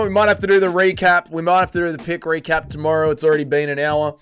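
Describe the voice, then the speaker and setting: Aussie guy reading his stream chat, crude jokes, kinda high voice, faint music behind. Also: flat delivery, fast, few pauses, a bit bright, clear, resonant tone. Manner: crude, joking, reads chat aloud. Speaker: livestream host. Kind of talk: casual livestream chat reading.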